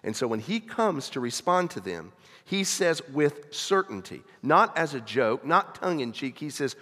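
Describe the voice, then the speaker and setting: A man's voice: medium pitch, big pitch swings, normal speed, pushed and bright. A man preaching a sermon to his congregation, conversational, with many rhetorical questions. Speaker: pastor. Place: church sanctuary. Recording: long reverb of a church hall.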